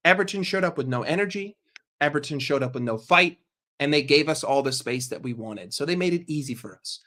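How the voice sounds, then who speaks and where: A man's voice: fairly high pitch, expressive, fairly quick, pushed and bright. A man hosting a football fan channel, giving a heated, profane and sarcastic rant. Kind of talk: casual ranting commentary.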